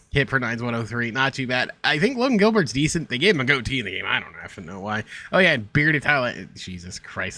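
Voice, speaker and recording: A man's voice: mid-range voice, sharp tone. A young man giving casual, rambling game commentary as a streamer, reading out stats with a sarcastic edge. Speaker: gaming streamer.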